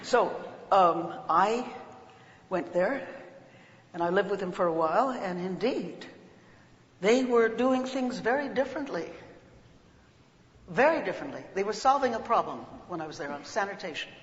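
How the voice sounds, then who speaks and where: A woman giving a workshop lecture, telling stories with lively chants and voices. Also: mid-range voice, moderate pace, long pauses. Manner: animated storytelling, breaks into chants and voices. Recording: echoey hall, dull lo-fi sound.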